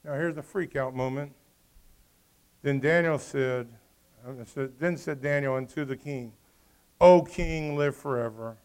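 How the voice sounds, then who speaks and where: A man preaching a sermon in an animated way, acting out the story's characters as he goes. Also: mid-range voice, a little slow, long pauses. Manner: animated, acts out voices of the characters. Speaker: pastor.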